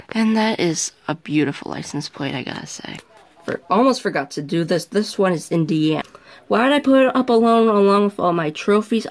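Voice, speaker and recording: A male vlogger giving a casual show-and-tell from his bedroom, chatty and rambling, often correcting himself mid-sentence. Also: on the high side. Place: bedroom at home.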